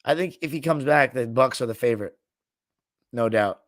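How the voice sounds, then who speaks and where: A man's voice: mid-range voice, moderate pace, dry recording. A man in the middle of his range talks basketball in a loose, joking way, cursing often and answering his live chat as he goes. The sound is dry and close, with no room around it. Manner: loose, joking, swears freely, mimics coaches. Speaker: podcast host. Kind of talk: casual sports talk, reading live chat.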